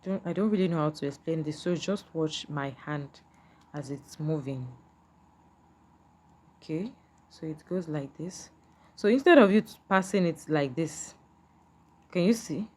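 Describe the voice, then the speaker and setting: A woman's voice: deep voice, measured pace, long pauses, a little mellow. A woman giving a patient, step-by-step beading tutorial and often asking the viewer whether they can see. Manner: patient, repetitive, checks in with "can you see?".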